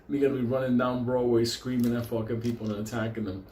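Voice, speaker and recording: A man's voice: medium pitch, fast talker, hardly any pauses, slight background noise. Swearing New storyteller man. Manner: animated, laughing, heavy swearing. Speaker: show host telling a story. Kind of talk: profane comic storytelling. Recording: echoey room with faint ambience.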